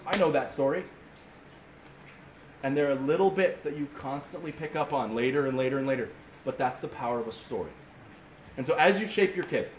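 A man in his thirties preaching a sermon at a camp, telling stories in an animated way and often restarting his sentences. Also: mid-range voice. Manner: animated storytelling with frequent restarts. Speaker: pastor. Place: camp meeting room. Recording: roomy echo with faint hiss.

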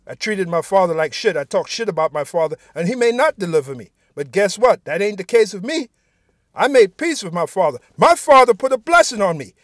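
A man's voice: sits high, sing-song, fairly quick, fairly bright tone, dry recording, studio quality. A man giving an informal sermon, reading scripture aloud and speaking bluntly and profanely, often tacking "man" onto his sentences. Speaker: preacher.

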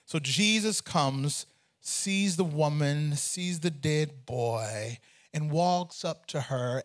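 A man, a pastor, preaching a sermon in an animated, conversational way with humor and repeated phrases. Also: on the high side.

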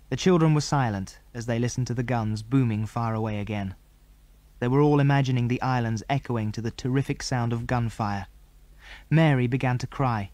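A man narrating a children's adventure audiobook in a measured storytelling manner. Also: medium pitch, darkish tone, no room sound. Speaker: audiobook reader.

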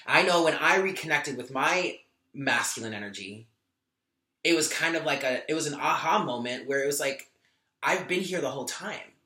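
A man's voice: fairly high pitch, normal speed, sharp tone, reverberant. A man giving a tarot reading in a vlog, talking candidly and with emotion, swearing now and then. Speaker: tarot reader.

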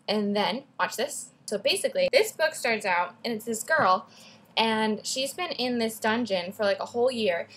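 A woman's voice: on the high side, slightly rough. A teenage girl talking about books in a bubbly, chatty vlog, often drifting off topic, recording at school. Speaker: book vlogger. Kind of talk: casual book talk vlog.

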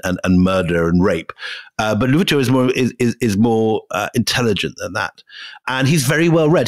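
A man co-hosting a history podcast, talking through events in a casual, halting way with frequent repeated words. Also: lowish voice, no room sound.

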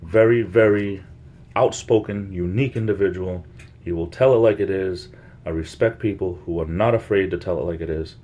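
Deep-voiced man rambling into a vlog. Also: normal speed, dark tone, highs cut off. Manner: meandering, repeats phrases, coins words. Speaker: YouTube vlogger. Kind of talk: casual rambling monologue to camera. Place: home, near the laundry.

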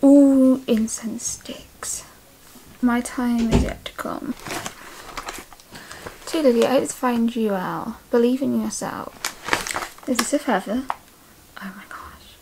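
A young woman vlogging as she opens her mail, gushing and excitable, with a lot of "oh my gosh". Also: a little high, slow, creaky, pauses often, background noise. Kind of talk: casual mail-opening vlog.

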